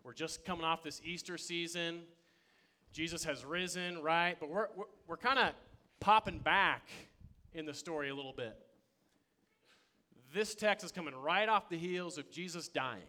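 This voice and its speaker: A young adult man preaching a sermon as a pastor, telling stories with energy and swinging between loud excitement and quiet. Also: fairly high pitch, moderate pace. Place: church sanctuary.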